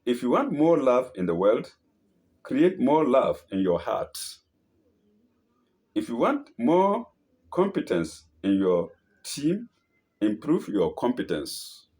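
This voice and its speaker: A man hosting a show, reading inspirational pieces aloud slowly, repeating phrases, calling out punctuation and adding delighted asides. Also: mid-range voice, sing-song, darkish tone. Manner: delighted asides, chuckles at the text.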